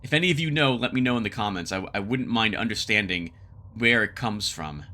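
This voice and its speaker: A man with a fairly low, sharp-toned voice narrates his solo board game playthrough at a fairly quick, expressive clip. He thinks aloud, mutters asides, and reads card text in casual let's-play commentary, with background music playing under his voice.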